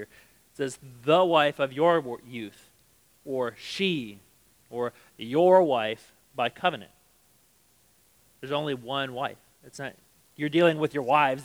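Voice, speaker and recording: A man's voice: mid-range voice, normal speed, poor audio. A man preaching a sermon in a conversational way, reading scripture aloud and acting out the quotes. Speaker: pastor.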